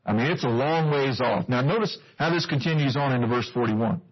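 A man's voice: mid-range voice, a little fast. A male preacher giving a sermon, teaching earnestly and putting questions to his listeners, on a dull lo-fi recording.

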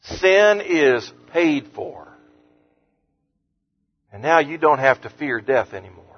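A man preaching an earnest sermon as pastor, lifting his voice on scripture quotes and dropping low and soft on words of comfort. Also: very animated, slow pace, husky. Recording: muffled sound with long hall reverb.

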